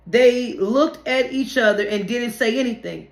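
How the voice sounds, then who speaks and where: A woman's voice: on the high side, normal speed. A woman reading her own memoir aloud in a plain conversational way, with some restarts and slips. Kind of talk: memoir narration, read aloud. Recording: roomy, echoey room.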